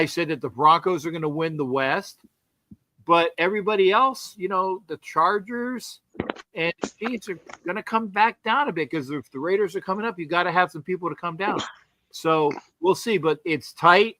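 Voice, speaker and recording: Older man with a Southern US accent, higher bright voice, dry close mic, emphatic and long-winded podcast co-host. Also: no echo. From southern United States. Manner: emphatic, rambling, folksy. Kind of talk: casual sports podcast chat.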